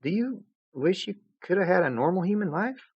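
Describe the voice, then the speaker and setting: A man voicing a gentle, earnest young human girl. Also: medium pitch, big pitch swings, brisk, no room sound, highs cut off, voice pushed up.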